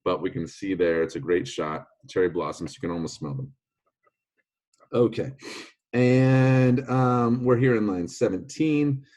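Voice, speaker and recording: A man's voice: lowish voice, unhurried, darkish tone. A man teaching a Latin lesson online in a playful way, with jokey asides.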